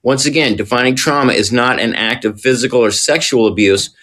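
Speaking fairly quickly in a mid-range, slightly bright voice, a podcast recovery counselor casually explains things and often checks in using rhetorical questions.

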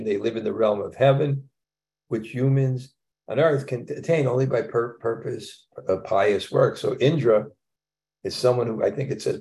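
A man's voice: medium pitch, warm tone. A man teaching a scripture class in a casual, conversational way, with chuckling asides.

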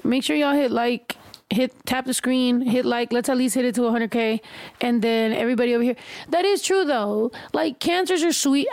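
A woman chats to her livestream audience in a lively, joking, foul-mouthed way. Her voice sits on the higher side, and the sound is dry, with little room echo. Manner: profane, animated, joking. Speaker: livestream host. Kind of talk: casual livestream chat.

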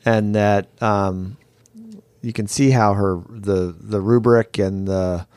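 A man hosting a podcast, chatting in an easygoing way with quick asides. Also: on the low side, fairly even intonation, darkish tone, clean tone, no echo. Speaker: podcast host. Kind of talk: casual chat.

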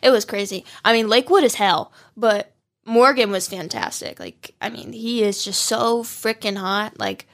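A woman's voice: medium pitch, expressive, normal speed, gravelly. Chatty young woman saying "like" a lot. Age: young adult. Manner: chatty, filler-heavy with "like". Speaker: podcast guest. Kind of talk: casual podcast chat.

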